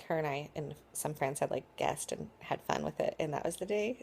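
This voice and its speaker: Tired woman in her 30s, low voice, rambling chatty vlog story. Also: creaky, darkish tone, slightly rough. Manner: chatty, rambling, with frequent likes and ums. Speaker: vlogger. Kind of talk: casual birth story vlog.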